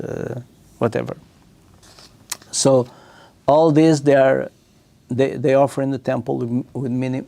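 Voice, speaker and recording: A man leading a scripture class, reading out a passage and then explaining it in loose asides with fillers and soft chuckles. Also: medium pitch, creaky. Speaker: temple class speaker.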